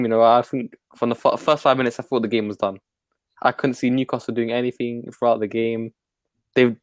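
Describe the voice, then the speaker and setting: A man co-hosting a casual football fan chat, talking in a relaxed, laid-back way. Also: medium pitch, dry recording. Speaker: co-host.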